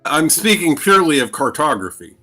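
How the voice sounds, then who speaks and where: A man's voice: a little high, very animated, brisk, sharp tone, soft background music. A man co-hosting a casual chat, joking and hesitant, full of fillers. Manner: jokey, hesitant, many fillers. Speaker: co-host.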